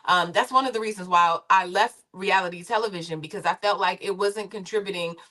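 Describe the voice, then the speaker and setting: Chatty woman on a panel, ex reality tv producer, rambles along, mid pitch. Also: brisk, bright, forceful tone. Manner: rambling and conversational, with many fillers and restarts. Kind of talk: casual panel discussion.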